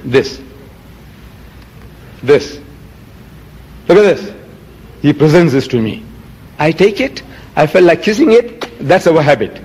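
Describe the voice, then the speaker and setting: A man's voice: fairly high pitch, animated, slow pace, long pauses, a little mellow, husky, big-room sound. A man giving a public lecture, indignant and rhetorical, holding up items for the audience. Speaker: Muslim lecturer.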